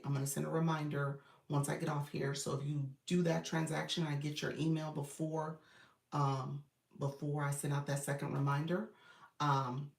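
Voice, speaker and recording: A woman's voice: low-pitched, vocal fry. A woman coach chatting casually on a live stream, loose and talkative with lots of fillers. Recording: roomy, distant phone audio.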